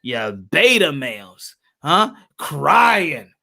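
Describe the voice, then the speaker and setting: A man's voice: a little high, sing-song, very slow, creaky, bright, forceful tone. A man delivering heated, profane vlog commentary on boxing.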